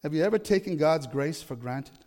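A man's voice: a little high, animated, moderate pace, a little mellow, big-room sound. A man preaching a sermon to his congregation, emphatic and often asking them questions. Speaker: pastor. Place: church.

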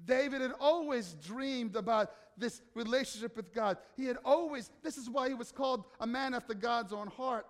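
A pastor delivers an emphatic sermon, posing rhetorical questions and moving between soft, slow stretches and loud pronouncements. His voice is very high-pitched, and the recording has the sound of a big room.

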